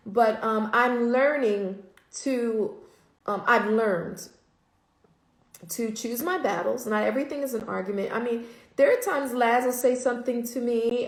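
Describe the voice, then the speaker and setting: A middle-aged woman hosts a casual talk show and speaks openly about her own life, pausing often with ums. Her voice sits a little high. The room around her sounds hollow and echoey. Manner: candid, reflective, frequent ums, curses when quoting herself. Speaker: host.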